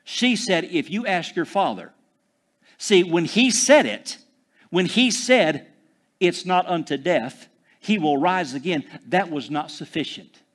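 A man preaches with a voice that sits a little high for a man and climbs into loud proclamations before dropping to a hush. He stretches key phrases slowly and keeps calling out to his congregation for an answer. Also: lively intonation. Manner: dramatic swings from loud preaching to hushed, drawn-out phrases; calls out for congregation responses. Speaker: pastor. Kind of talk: sermon.

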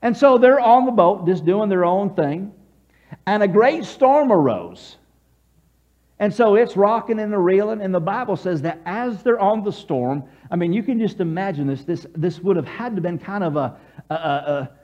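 A man preaching with a high voice that swoops up and down as he acts out his story. He chuckles along the way and has his congregation repeat lines after him. The recording sounds dull and lo-fi. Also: animated, moderate pace, darkish tone. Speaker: pastor. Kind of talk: sermon.

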